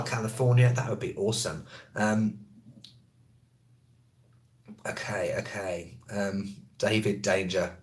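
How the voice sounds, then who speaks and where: A man in mid-range pitch rattles through viewer comments on a live stream. He is quick and easygoing, tripping over words and fixing them on the fly, like a traveller who also teaches English. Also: a bit bright. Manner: quick, chatty, self-correcting. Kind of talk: casual live-stream chat answering comments.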